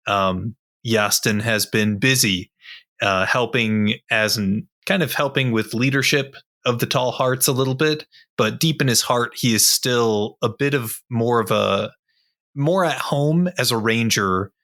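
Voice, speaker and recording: Slow, bright-voiced player rambling on. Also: male voice, mid-range voice. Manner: slow, rambling description with many ums. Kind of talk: tabletop role-play.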